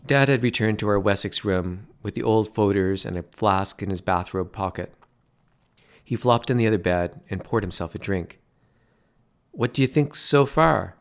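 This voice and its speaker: A man narrating a story in a measured, dry way. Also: on the low side.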